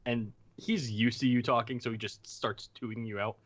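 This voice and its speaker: A man's voice: mid-range voice, steady tone, normal speed, highs cut off. A man playing a tabletop game, describing his character's actions in a laid-back way. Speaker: player.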